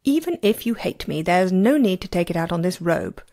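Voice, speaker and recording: A woman's voice: on the low side, animated, moderate pace, dark tone. A woman reading aloud and voicing a proud, exasperated male immortal master who talks with sarcastic indignation.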